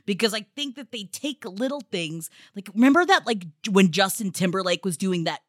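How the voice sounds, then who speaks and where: A woman's voice: medium pitch, lively intonation, normal speed, no echo, studio quality. A woman co-hosting a podcast, chatting casually and animatedly, sometimes swearing. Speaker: podcast co-host. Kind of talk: casual chat.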